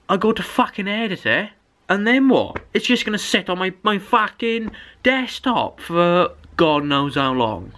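A man's voice: high voice, sing-song, normal speed, fairly bright tone. A young man from Britain telling a rambling, sweary story in a casual storytime vlog, sounding exasperated. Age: young adult. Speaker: vlogger.

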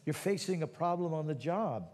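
A man preaching a sermon, moving between quiet teaching and loud, fervent calls to prayer. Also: fairly high pitch, expressive, moderate pace, big-room sound. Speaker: pastor.

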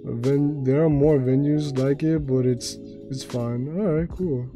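A man streaming a video game, commenting casually with excitable swearing and jokey outbursts. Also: mid-range voice, a little slow, over music. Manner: excitable, profane, jokey, bursts into silly singing.

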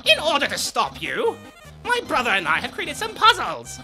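A woman playing a grandiose skeleton boasting loudly. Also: high voice, huge pitch swings, normal speed, full character voice. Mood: theatrical. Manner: grandiose, exclaiming, dramatic. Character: boastful puzzle-loving male skeleton, loud and theatrical. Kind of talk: live fan voice-over of a game. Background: game music.

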